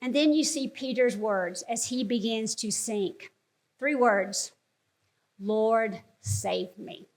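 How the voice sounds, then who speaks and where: A woman's voice: on the high side, measured pace. A woman preaching a sermon in an earnest, emphatic way, repeating key words for stress.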